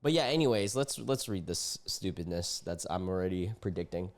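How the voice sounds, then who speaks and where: Young male streamer, lively pitch, casual indignant reaction commentary. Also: normal speed. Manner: animated, indignant, slangy.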